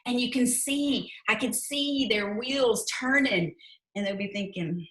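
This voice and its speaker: A woman's voice: fairly high pitch, unhurried, fairly bright tone, roomy sound, poor audio. A woman hosting a casual prayer-group chat, playful and laughing often. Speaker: host.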